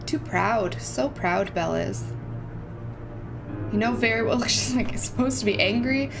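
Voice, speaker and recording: A woman hosting a game reaction video, animated and giggly, talking back to the screen. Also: fairly high pitch, measured pace, creaky. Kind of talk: reaction commentary. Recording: game music under the voice. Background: video game music and dialogue.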